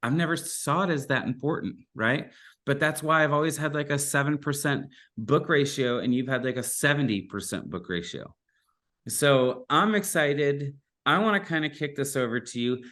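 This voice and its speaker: A man's voice: a little high, normal speed, fairly bright tone. A man hosting a sales podcast, talking loosely and self-deprecatingly in casual chat. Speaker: podcast host.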